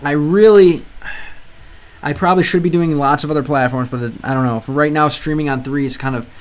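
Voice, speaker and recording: A man's voice: fairly high pitch, fairly even intonation, brisk. A man livestreaming a game, translating lines aloud and chatting with viewers in a rambling, hesitant way. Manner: rambling and hesitant, many ums and restarts; translates aloud and answers chat. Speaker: livestreamer learning Spanish through a game. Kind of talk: casual live-stream chat.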